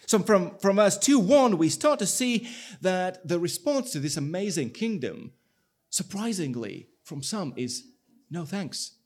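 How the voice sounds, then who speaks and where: Lively-voiced man preaching a sermon. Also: high-pitched, measured pace. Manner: animated storytelling with acted-out dialogue. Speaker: pastor.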